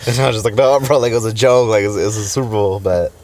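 Young male podcast co-host, deep low voice, profane casual storyteller. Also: fairly even intonation, rapid-fire, darkish tone. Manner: profane, storytelling, laughs often. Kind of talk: casual chat.

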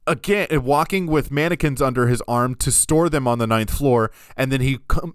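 A man co-hosting a podcast, recapping a film in an animated, storytelling way. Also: medium pitch, no echo. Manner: animated storytelling, acting out scenes. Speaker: podcast co-host. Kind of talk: casual film recap chat.

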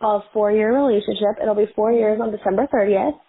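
Hoarse raspy young woman on a phone line. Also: mid-range voice, steady tone, brisk. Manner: chatty, laughs easily, rambling storyteller. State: hoarse from a sore throat. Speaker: podcast guest. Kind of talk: casual chat. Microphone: phone call. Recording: tinny phone line with faint hiss.

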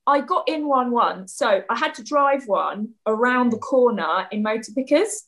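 A woman's voice: a little high, lively intonation, moderate pace, a bit bright, rough recording. Chatty woman with opinions. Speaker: podcast guest. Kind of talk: casual chat.

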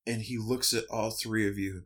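A man's voice: on the low side, steady tone, normal speed, a bit bright. Male game master, rambling casual narration, full of fillers.

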